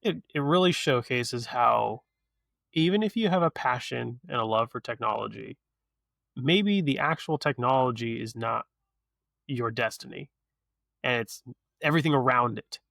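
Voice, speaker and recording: A man's voice: mid-range voice, animated, normal speed, creaky, a bit bright, no room sound, clean studio sound. A man hosting a podcast, reflecting in a casual, musing way. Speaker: podcast host.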